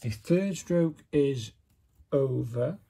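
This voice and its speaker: Man, unhurried and raspy, casual self-critical hobby demo narration. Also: medium pitch, expressive, warm tone. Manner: self-critical, chatty, narrates while working. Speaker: calligraphy hobbyist demonstrating. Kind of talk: casual step-by-step demonstration.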